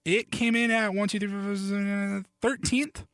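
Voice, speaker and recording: High-voiced man chatting on a podcast. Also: moderate pace, clear, resonant tone, dry recording, clean studio sound. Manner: animated, joking, loose and profane; self-interrupting, restarts sentences. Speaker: podcast host. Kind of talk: casual solo sports podcast talk.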